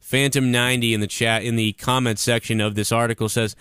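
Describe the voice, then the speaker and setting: A man's voice: mid-range voice, little pitch movement, a little fast, fairly bright tone, clear, resonant tone, no echo. Profane ranting man, dry close sound. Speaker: wrestling news commentator. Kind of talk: ranting vlog commentary.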